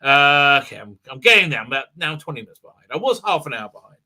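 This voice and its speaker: A middle-aged man hosting a casual livestream, reading chat aloud, rambling and excitable with many fillers and frequent laughs. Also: on the high side, quick pace.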